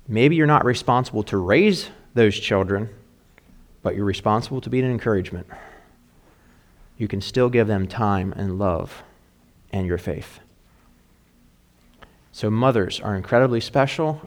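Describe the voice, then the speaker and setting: A man preaching as a pastor, with an earnest and encouraging manner. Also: on the low side. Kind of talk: sermon.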